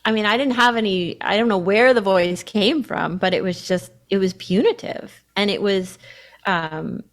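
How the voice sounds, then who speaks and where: A woman co-hosting a podcast, talking candidly and reflectively about herself and suddenly acting out her inner voices in loud bursts. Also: medium pitch, moderate pace. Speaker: podcast co-host. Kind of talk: reflective conversational chat.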